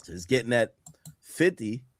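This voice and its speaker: A man's voice: mid-range voice, very animated, normal speed, dry recording, clean studio sound. A man in casual commentary, reading social posts aloud in a matter-of-fact way.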